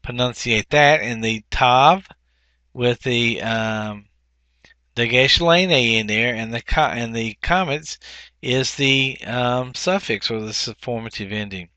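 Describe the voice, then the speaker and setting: A man teaching a recorded grammar lesson, explaining step by step with frequent ums and restarts, and slowing down to sound out words. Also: mid-range voice, bright, forceful tone, no room sound.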